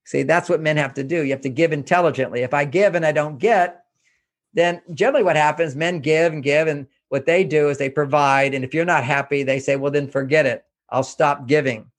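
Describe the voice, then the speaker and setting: A man's voice: fairly high pitch, a little fast. An older man from Houston, Texas, an author speaking as an interview guest, giving earnest, emphatic self-help advice and repeating his points.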